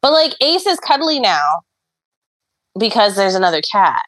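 A woman on a casual podcast, venting in a frank, exasperated way. Her voice is mid-pitched and recorded close, with a dry sound. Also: big pitch swings, normal speed, a bit bright, dry recording, low-quality recording. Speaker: podcast co-host. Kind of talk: casual chat.

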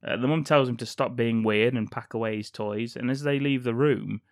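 A man's voice: medium pitch, normal speed, no echo. A man co-hosting a podcast, recounting a film plot in a dry, joking way with frequent laughs. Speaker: podcast co-host. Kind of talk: casual chat recapping a film plot.

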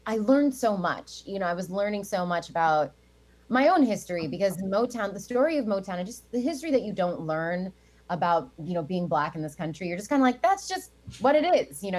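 A woman's voice: lowish voice, darkish tone. An American woman in her thirties, a Broadway actress chatting as an interview guest, with lots of fillers and frequent laughter. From United States. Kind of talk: casual interview chat.

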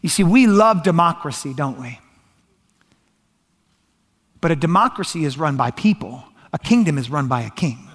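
A man in his thirties with a drawl delivers a lively sermon, talking with his congregation and throwing questions back at them. His voice sits high for a man. A long reverb from the large hall trails after his words. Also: normal speed, long pauses. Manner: animated conversational preaching, asks the crowd questions. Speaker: pastor.

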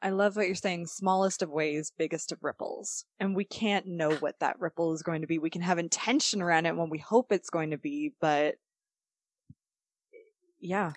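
Woman, podcast host, enthusiastic, lowish voice, dry close sound. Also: normal speed, no echo. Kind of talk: casual interview chat.

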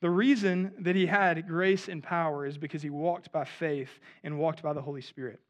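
A man's voice: on the high side, steady tone, moderate pace, lo-fi sound. A man in his thirties preaching a sermon in a conversational way, often asking his listeners "right?". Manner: conversational, asks the audience "right?". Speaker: pastor.

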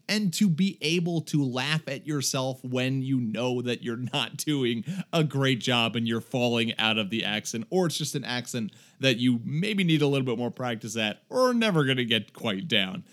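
A man co-hosting a tabletop gaming podcast in casual chat, talkative and quick to laugh at himself. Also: medium pitch. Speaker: podcast co-host.

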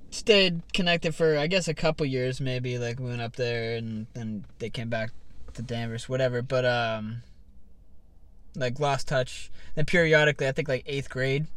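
A man's voice: mid-range voice, fairly bright tone, clean tone. A young man chatting casually on a podcast, rambling with lots of fillers and swearing. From Massachusetts. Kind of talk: casual chat.

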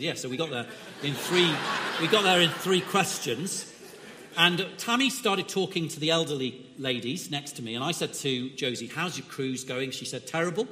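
A man's voice: on the high side, sharp tone, slight background noise. A man preaching a sermon as a visiting speaker, telling stories with asides and chuckles. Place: church. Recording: long church reverb.

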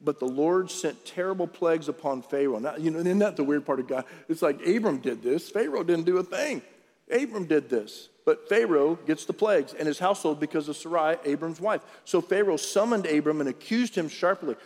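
A man's voice: fairly high pitch, animated, moderate pace, a little mellow. A man preaching a conversational sermon to his congregation in a church service, mixing scripture reading with jokes. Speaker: pastor. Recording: long church-hall reverb.

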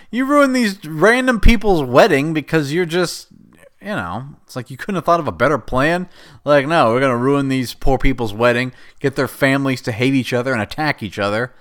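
A man's voice: medium pitch, a bit bright. A man casually recapping a film, rambling and exasperated and laughing at the plot. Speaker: show host recapping a film.

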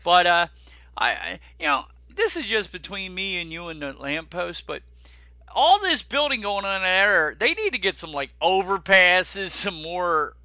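An animated man chatting and joking through theme park news on a podcast. His voice sits high and sounds very bright and forceful. The recording is dry and a bit dull. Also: unhurried, dry recording. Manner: animated, joking, swears casually, keeps addressing his co-host. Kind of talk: casual chat.

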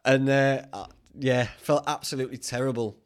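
A man's voice: medium pitch, fairly even intonation, normal speed. A young man with a Northern English accent hosting a podcast, rambling through stories in a casual, chatty way and swearing freely. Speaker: podcast host.

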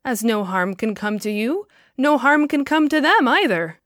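A woman voicing a kindly male apostle who speaks gently and reassuringly, in a storybook reading. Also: fairly high pitch, sing-song, normal speed, no echo, studio quality. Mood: gentle.

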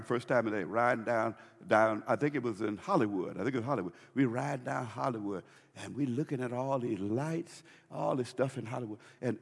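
A man preaching a sermon as pastor, swinging between loud and hushed with dramatic pauses. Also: medium pitch, husky, big-room sound.

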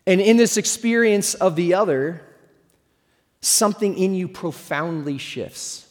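A middle-aged man delivers a sermon in a relaxed, joking storyteller's manner, his voice sitting a little high for a man. The sound rings with a long reverb from the church hall he is preaching in. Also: a little slow. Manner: conversational storytelling with humor. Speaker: pastor.

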